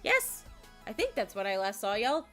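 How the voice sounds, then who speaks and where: A young adult woman streamer with a hoarse, cracking voice, chatting casually on a live stream, bubbly and giggly as she greets her viewers. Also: mid-range voice, wildly swooping pitch, normal speed, fairly bright tone, faint music behind.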